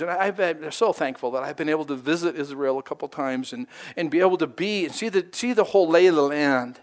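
A man preaching a sermon in an easy, conversational way, his voice sitting high for a man. He tells stories with lively acted-out quotes and casual asides. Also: a little fast, hardly any pauses. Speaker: pastor. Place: church sanctuary.

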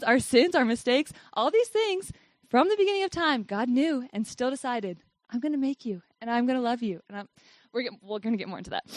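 A woman's voice: high voice, no room sound. A woman giving a casual devotional talk and reading Bible verses, who says "like" a lot and laughs often. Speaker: Bible study speaker.

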